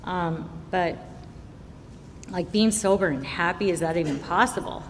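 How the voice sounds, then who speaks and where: Woman, recovery share, candid storytelling, hall echo, faint rumble. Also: unhurried. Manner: candid storytelling, acting out quoted voices with laughs. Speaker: recovery speaker. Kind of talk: personal recovery share at a meeting.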